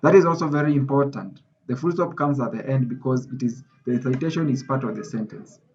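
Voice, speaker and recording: Male lecturer, emphatic, repeats key points; video-call audio, slightly muffled, mid pitch. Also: a little fast, darkish tone, slight background noise. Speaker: teacher. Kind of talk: online class lecture.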